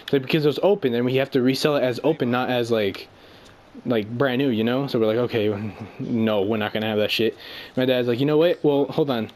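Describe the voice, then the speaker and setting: Slight background noise sits under a young man's medium-pitched, brisk, slightly mellow voice. Furious and cursing, he rants casually to a friend over a call, rambling through a story.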